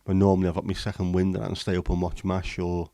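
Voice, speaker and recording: A man hosting a relaxed livestream, rambling between jokes and greetings to viewers. His voice sits very low with a dark, mellow tone. He talks in a flat, even line. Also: fast, vocal fry, no room sound, studio quality. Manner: rambling, jokey, chatting to viewers. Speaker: livestream host. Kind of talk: casual livestream chat.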